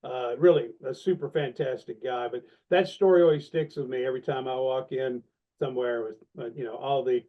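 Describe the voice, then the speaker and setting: A middle-aged man, a guest on a casual podcast interview, telling animated, self-deprecating stories about his sales career. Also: medium pitch, fairly quick. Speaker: guest, longtime sales leader. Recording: dull, lo-fi sound.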